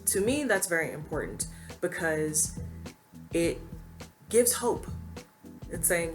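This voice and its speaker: A woman's voice: lowish voice, lively intonation, slow pace, long pauses, music in the background. A woman giving earnest, emphatic opinion commentary to camera, now and then quoting others in a mocking voice. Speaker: commentary YouTuber.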